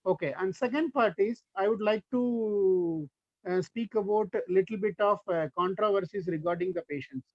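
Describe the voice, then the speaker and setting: A man with an Indian English accent giving a fast, rambling lecture full of fillers on a video call. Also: high-pitched, no echo. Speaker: webinar speaker, physiotherapist. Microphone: computer or headset mic on a video call. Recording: dull, lo-fi video call audio.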